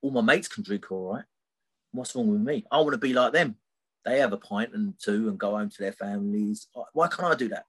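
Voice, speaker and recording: A middle-aged man speaks in a somewhat low voice as a podcast guest. He tells his story candidly and loosely, with many fillers and frequent "right?" tags. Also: fairly quick, a bit bright.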